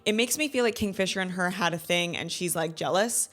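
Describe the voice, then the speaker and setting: A woman in her thirties hosting a casual book club video, retelling the chapters in a gushing, animated way with quoted asides. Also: lowish voice, brisk. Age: 30s. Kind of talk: casual book review chat.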